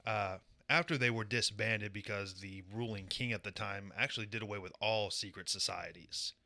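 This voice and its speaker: A young man co-hosting a podcast, explaining a topic in relaxed, offhand casual chat. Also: fairly low pitch, normal speed, gravelly. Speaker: podcast co-host presenting a segment.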